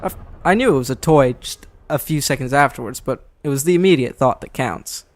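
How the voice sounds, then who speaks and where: A man's voice: medium pitch, brisk. A man giving casual, analytical commentary over game footage, talking loosely and correcting himself. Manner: chatty, analytical, self-correcting. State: out of breath. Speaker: gameplay commentator.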